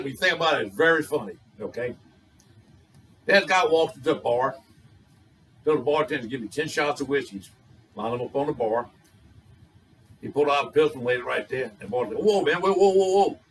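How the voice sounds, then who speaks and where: A man's voice: mid-range voice, fast, pauses often, sharp tone, recorded from a distance, low-quality recording. An older man, telling raunchy jokes in a folksy, colorful storytelling drawl. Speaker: joke teller.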